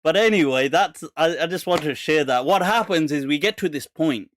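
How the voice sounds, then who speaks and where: A man's voice: fairly high pitch, animated, normal speed, a bit bright, a little hiss or hum. A man who hosts a live Q&A as an Islamic scholar, telling a story casually and animatedly while often breaking into laughter.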